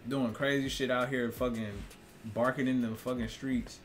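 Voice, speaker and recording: A man's voice: medium pitch, fairly even intonation, normal speed. A man hosting his own video channel, talking loosely and profanely in a rambling monologue, laughing often and throwing questions at viewers. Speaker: vlogger, host of own channel. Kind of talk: casual rambling monologue to camera.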